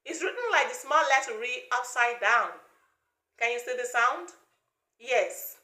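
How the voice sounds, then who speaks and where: A woman teaching English pronunciation, speaking slowly and deliberately and repeating each sound for learners to copy. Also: on the high side, lively intonation, pushed and bright, echoey room.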